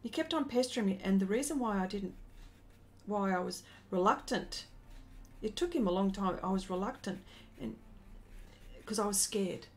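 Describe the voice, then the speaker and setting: A woman's voice: mid-range voice, lively intonation, normal speed, long pauses. A woman in her forties telling a rambling story during a casual live stream as an artist and host, breaking off to greet viewers.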